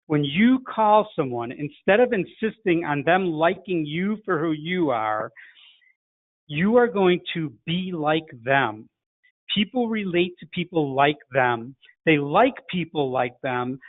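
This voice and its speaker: Slow and lively in intonation, with a voice on the high side, a middle-aged Chicago man gives a direct, coaching sales lesson in his Chicago accent. He demonstrates phone greetings, and the dry recording has a tinny, phone-like sound.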